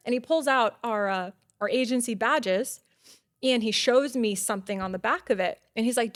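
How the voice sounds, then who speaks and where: Animated woman, lively storyteller. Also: brisk, no room sound, studio quality. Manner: animated, acts out quoted dialogue, gets loud and high when excited. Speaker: guest. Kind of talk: storytelling in a podcast interview.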